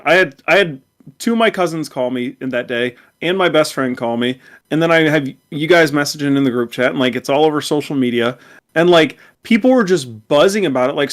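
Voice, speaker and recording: A man co-hosting a fan podcast, telling an excited, rambling story in casual chat. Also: fairly high pitch. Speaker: podcast co-host.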